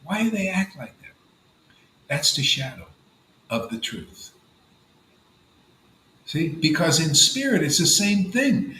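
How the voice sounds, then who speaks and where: A man's voice: fairly high pitch, big pitch swings, slow pace, long pauses, sharp tone, roomy sound, slight background noise, poor audio. Man giving a rambling devotional talk. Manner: rambling and conversational, peppered with "you know" and "man". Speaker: spiritual teacher leading a devotee gathering. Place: room with a gathered group of listeners.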